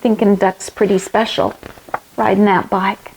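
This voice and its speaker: A woman, a kids' yoga teacher, reading a picture book aloud to children in an animated way and asking them questions. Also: medium pitch, measured pace, creaky, a little hiss or hum, low-quality recording.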